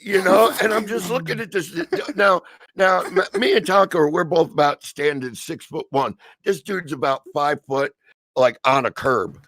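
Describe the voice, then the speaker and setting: A man telling a story in casual chat, swearing freely and loudly acting out the lines of the people in it. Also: fairly high pitch, normal speed, dry recording. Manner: profane, animated storyteller acting out quotes loudly.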